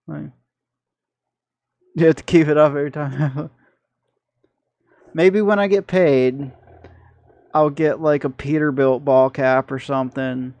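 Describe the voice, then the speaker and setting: A man's voice: medium pitch, clean tone, no room sound. A man with a Michigan accent, streaming and chatting casually through his gameplay in a rambling, self-deprecating way.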